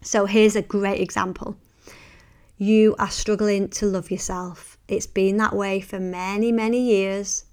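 A woman's voice: medium pitch, flat delivery. Earnest woman guiding a visualization. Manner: earnest and encouraging, softening to a hushed, slow delivery. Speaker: podcast host and meditation guide. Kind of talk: motivational podcast talk leading into guided visualization.

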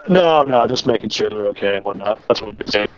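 A man's voice: fairly low pitch, expressive, fast talker. Laid-back guy on a muffled call. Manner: laid-back, swears, mocking impressions. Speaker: podcast co-host. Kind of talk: casual chat. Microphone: remote call.

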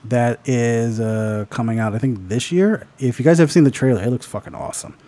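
A man's voice: mid-range voice, fairly quick, dark tone. A man co-hosting a casual movie podcast, joking around and laughing often. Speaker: podcast co-host.

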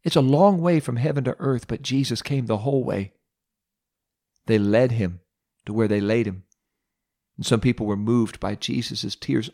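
A preacher with a medium-pitched male voice retells a Bible story during a sermon. He is dramatic and expressive, using pauses and emphatic repetition.

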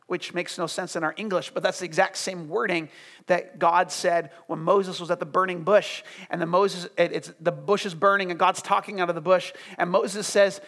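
A high-voiced man preaches a sermon with passion. He drops to soft, hushed lines and then climbs back up loud and fervent. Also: steady tone, normal speed. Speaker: pastor.

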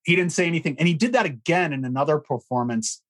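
A man's voice: fairly high pitch, expressive, fast, a bit bright. Opinionated man chatting on a podcast. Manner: opinionated, frank, with many fillers. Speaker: podcast co-host. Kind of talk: casual chat about music history.

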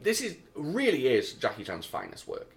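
A British man from the UK, an animated and enthusiastic co-host in casual film chat. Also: a little high, moderate pace. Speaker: podcast co-host.

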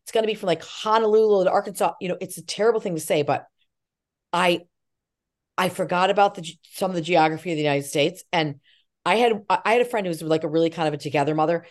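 A middle-aged woman with a low-set voice, chatting in an interview. Her pitch swings widely as she tells stories and slips into quoted voices. She talks with warmth and energy about her work. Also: fast. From Irish Catholic family. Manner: animated storyteller, acts out quoted voices. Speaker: actress and filmmaker. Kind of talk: interview chat.

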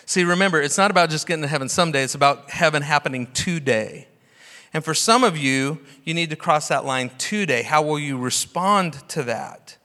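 Man, pastor, preaching, fervent, questioning the crowd, slightly high voice, long hall echo. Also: normal speed, sharp tone. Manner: impassioned preaching with rhetorical questions. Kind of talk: sermon. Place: church sanctuary.

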